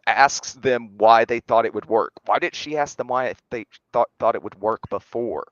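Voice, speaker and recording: A man co-hosting a casual show review, speaking in a measured, analytical way with frequent restarts. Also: medium pitch, no room sound, muffled recording. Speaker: podcast co-host.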